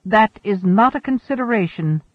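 A ship's computer that recites its rules, formal and impersonal, as a man reads it. The voice is high-pitched and tinny, like a phone line. There is no room echo. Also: lively intonation, moderate pace. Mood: impassive. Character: ship's computer, calm, rule-bound, impersonal. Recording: narrow, phone-like, dry sound.

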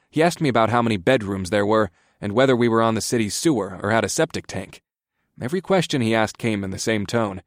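A man's voice: lowish voice, dry recording, clean studio sound. A man narrating a first-person story in a wry, matter-of-fact way.

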